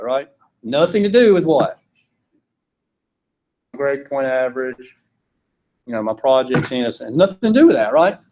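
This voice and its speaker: Teaching philosophy in a classroom lecture, this Georgia-accented Southern man has a fairly high, slightly mellow voice. He talks conversationally, constantly asking "right?", and there's a little hiss or hum on the recording.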